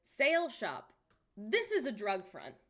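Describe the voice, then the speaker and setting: A woman streaming, chatting casually and reacting wryly out loud to what she finds while browsing online. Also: fairly high pitch, huge pitch swings, slow pace.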